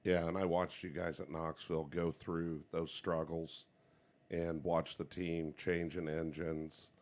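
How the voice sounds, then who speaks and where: Deep-voiced co-host, quick joking asides. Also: male voice, level tone, a little mellow. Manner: short interjections, joking. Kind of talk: casual interview talk.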